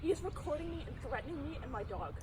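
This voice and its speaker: Frantic high-pitched woman on phone video. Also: expressive, rapid-fire. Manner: frantic, repeats the same phrases. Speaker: woman calling the police. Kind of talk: phone call captured on video. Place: outdoors in a park. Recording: distant phone video with loud dog noise. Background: dog struggling and barking.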